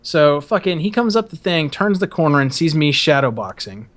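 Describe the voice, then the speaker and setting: A man's voice: a little high, very animated, normal speed, fairly bright tone. A young man hosting a podcast, telling a long rambling story in casual talk, swearing a lot and often laughing. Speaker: podcast host.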